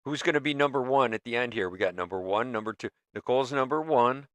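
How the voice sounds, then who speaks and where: A man's voice: medium pitch, lively intonation, fast, fairly bright tone, dry recording. A man hosting a livestream, chatting casually to his viewers in a loose, rambling way. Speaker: livestream host.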